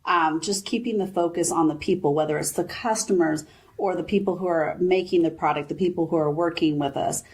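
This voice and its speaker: A woman in her forties, a business founder, chatting in an interview and retelling advice in lively quoted voices. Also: lowish voice, fairly quick. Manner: animated storyteller, quotes her mother. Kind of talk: casual interview chat.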